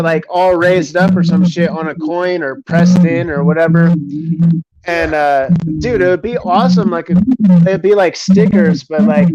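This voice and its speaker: A man calling in to a late-night stream, chatting casually in a slow, rambling way, swearing a lot and calling everyone dude. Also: high voice. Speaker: caller on a live stream. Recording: dull lo-fi call audio with noise.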